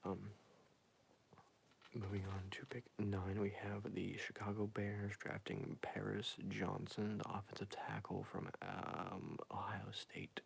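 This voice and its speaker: Man in whispered role-play, gravelly. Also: on the low side, flat delivery, slow, a little hiss or hum. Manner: soft unvoiced whisper, close to the mic. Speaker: ASMR live streamer. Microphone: close mic.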